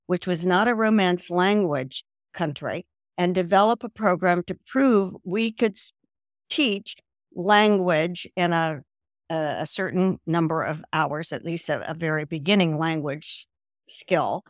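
Older female interview guest on a video call, lively storyteller who mimics voices, dry close sound. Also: on the low side, a little slow, dry recording. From American South. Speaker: guest, language program founder.

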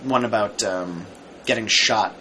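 A man's voice: fairly low pitch, measured pace, very noisy. A man as a podcast guest in casual chat, rambling with jokey asides and frequent restarts.

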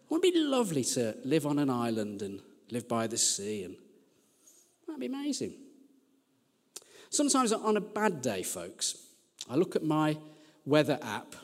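A man from Birmingham preaches with a bright, fairly high voice that swoops up and down. He tells his stories in a chatty, self-deprecating way, full of restarts. His voice rings with the long reverb of a large church hall. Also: huge pitch swings, moderate pace. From Birmingham, England. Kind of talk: sermon.

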